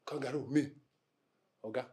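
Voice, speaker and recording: A man's voice: medium pitch, steady tone, normal speed, mellow, natural voice. An actor with a Nigerian Pidgin English accent playing a cheeky, tipsy male house servant who mocks his boss. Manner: cheeky, mocking, slips into pidgin. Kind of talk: film drama acting.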